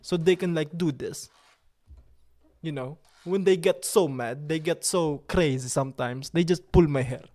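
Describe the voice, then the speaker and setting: A man's voice: on the high side, darkish tone. Playful, vain man chatting on a livestream. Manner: playful, vain and mock-serious, with halting, broken phrasing; drops in occasional French words. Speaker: livestream host. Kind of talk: casual livestream chat with viewers.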